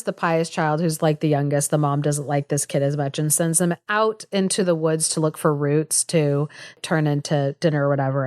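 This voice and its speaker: This young woman co-hosts a podcast and casually retells a fairy tale, sprinkling in lots of "like" and little laughs. Her voice is low with a darkish tone, and the studio recording is clean with no echo.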